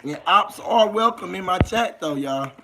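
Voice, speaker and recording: A young Southern American man chatting on a casual livestream, his voice sitting high with a gravelly fry running through it. He rambles in loose street talk, calling out to his chat as he goes. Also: animated, unhurried, noisy background. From United States. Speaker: livestream host.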